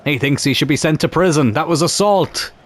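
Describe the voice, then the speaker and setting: A young man commentating on his own football video game career, calm one moment and shouting the next. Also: a little high, a little fast. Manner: excitable, shouts at big moments. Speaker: gaming YouTuber.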